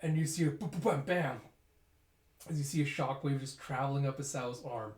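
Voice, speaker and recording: Male narrator, casual read-through with sound effects; mid pitch, roomy echo. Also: normal speed. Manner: casual, animated, uses sound effects and fillers. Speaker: manga chapter reader.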